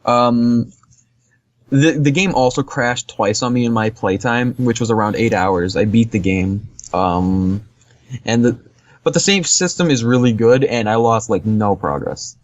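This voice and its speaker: A man's voice: medium pitch, measured pace, no room sound. Guy rambling about a game on a podcast, lots of ums, sounds a bit dull and dry. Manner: rambling, filler-heavy, laughs easily. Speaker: podcast co-host reviewing a game. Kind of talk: casual chat.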